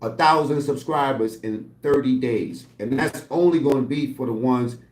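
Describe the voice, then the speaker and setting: A man's voice: medium pitch, normal speed. Man rambling casually in an echoey room. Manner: loose, streetwise, heavy swearing, rambling asides. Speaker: channel host. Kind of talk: casual rambling vlog talk. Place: at home, indoors.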